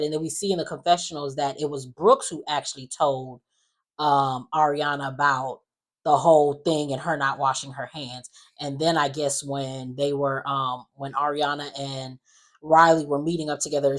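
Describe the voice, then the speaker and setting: Low-voiced woman giving a sassy recap. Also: steady tone, moderate pace. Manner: sassy, retells scenes with quoted voices and asides. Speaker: reality TV recap host. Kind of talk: casual recap commentary.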